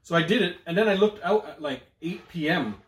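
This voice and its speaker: A Canadian man rambles through a casual podcast chat, swearing freely and slinging slang. His voice sits a little high for a man. The room around him rings with echo. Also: expressive, brisk. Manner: loose, profane storytelling with slang. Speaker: podcast co-host.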